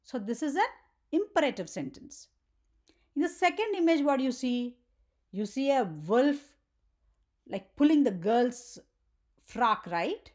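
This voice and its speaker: A woman's voice: sits high, big pitch swings, slow, long pauses. A woman teaching a grammar lesson for children, often checking in with "right?" and asking the viewer questions.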